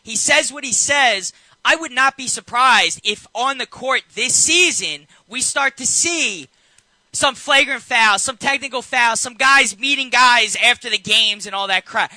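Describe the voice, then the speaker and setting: A man co-hosting a casual radio debate about basketball, emphatic and animated, often repeating his point. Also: very high voice, measured pace, no room sound, poor audio. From New York. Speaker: co-host.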